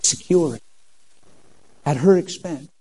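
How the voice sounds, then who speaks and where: A man in his fifties telling his life story in a sermon, animated and acting out what people said. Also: fairly high pitch, measured pace, slightly rough, low-quality recording. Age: 50s. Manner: animated storytelling, acts out quoted dialogue. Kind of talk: sermon testimony.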